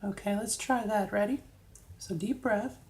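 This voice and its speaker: A woman's voice: medium pitch, fairly even intonation, measured pace, darkish tone, slight background noise. A middle-aged woman casually coaching viewers through voice drills, checking in with frequent "okay?"s. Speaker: vlogger giving voice training tips. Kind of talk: casual instructional vlog.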